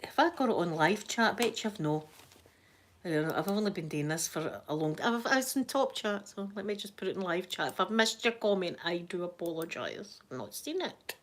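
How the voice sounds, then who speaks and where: A Scottish woman from Scotland, hosting a live stream in fast, chatty, casual talk. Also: lowish voice, lively intonation, a little hiss or hum.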